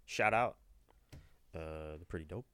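Deep-voiced man in casual podcast chat. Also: a little slow, fairly bright tone, smooth. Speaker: podcast co-host.

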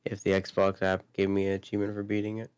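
A man's voice: low-pitched, monotone, fast talker, a little mellow, clear, resonant tone, no room sound. A man co-hosting a casual podcast chat about video games, rambling with lots of fillers and restarts. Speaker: podcast co-host.

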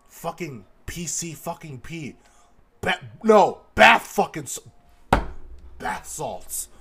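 Podcast host, male, a touch high-pitched, profane comedic rant, does quick impressions of people, recorded in a studio booth. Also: husky. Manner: animated, swears constantly, mimics people he describes.

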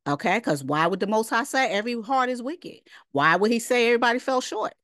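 A woman's voice: fairly high pitch, lively intonation, brisk, a bit bright, dry recording. Woman teaching a bible lesson, punchy, keeps firing rhetorical questions, dry close sound. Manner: emphatic, repeats rhetorical questions; conversational, drops into casual asides. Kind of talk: informal scripture lesson.

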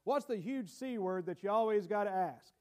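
A man's voice: high-pitched, expressive, moderate pace. A man preaching a teaching sermon in a conversational way, with many fillers and restarts and emphatic key points. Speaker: pastor.

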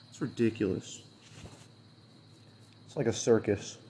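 Speaking to camera, a man fumes as a dissatisfied customer, swearing and sarcastic while his rant wanders loosely from one point to the next. His voice is on the low side, slow and warm, with a bit of hiss or hum in the recording.

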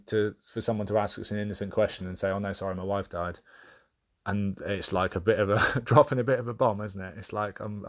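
A man hosting a podcast, talking through a personal monologue in a candid, thoughtful way that halts and restarts as he searches for words. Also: sits low. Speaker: podcast host.

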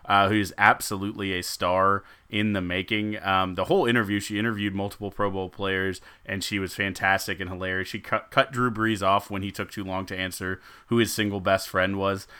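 A man's voice: deep voice, flat delivery, fairly quick, hardly any pauses, pushed and bright, smooth. A man co-hosting a sports podcast, rambling and joking in casual chat and laughing often. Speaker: podcast co-host.

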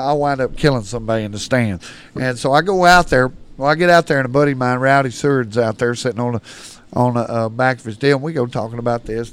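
A man's voice: mid-range voice, a bit bright, clear, resonant tone. A man telling blunt, profane stories in casual chat, acting out both sides of old arguments. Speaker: podcast guest. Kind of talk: casual storytelling.

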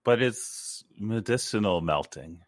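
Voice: sits low, lively intonation, a little slow, no room sound, studio quality. A podcast co-host chatting casually and joking, with a lot of fillers and hesitations. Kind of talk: casual chat.

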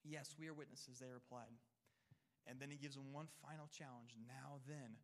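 A man's voice: medium pitch, steady tone, moderate pace. A male pastor preaching a sermon, reading scripture and speaking earnestly to the congregation, often repeating and restarting words.

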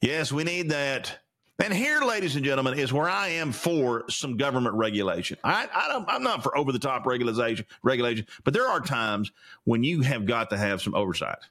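Hosting his own podcast, a man with a medium-pitched, sharp voice rants indignantly about the news at a brisk clip. His pitch swings widely, and he stammers and restarts often in this opinionated solo commentary.

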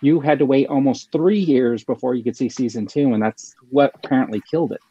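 A man's voice: medium pitch, brisk, warm tone, husky, no room sound. A man hosting a casual chat, rambling with many fillers and restarts. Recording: slightly dull lo-fi sound.

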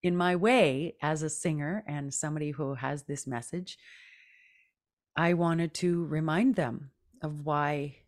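A middle-aged woman, a singer and podcast guest, talking earnestly and reflectively, often laughing. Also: deep voice. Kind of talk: casual interview talk.

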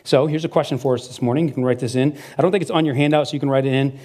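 A middle-aged man preaching a sermon as pastor, telling stories in a lively conversational way with frequent restarts. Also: mid-range voice, racing.

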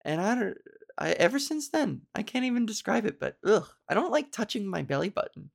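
A woman's voice: mid-range voice, very animated, a little fast, creaky. A woman comedian hosting a podcast, telling stories in a casual, chatty way with wry, self-mocking asides. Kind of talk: casual comic storytelling.

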